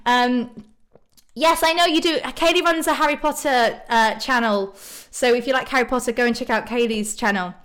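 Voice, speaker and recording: A woman's voice: on the high side, moderate pace, fairly bright tone. A woman from Ireland chatting casually on a live stream, reading out viewer comments and answering them. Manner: bubbly, frequent ums and laughs.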